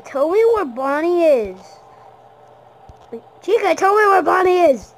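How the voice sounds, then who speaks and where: A woman giving jumpy, exclaiming commentary while playing a horror game, often yelling at the characters. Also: very high voice, slight background noise, rough recording. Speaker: gamer.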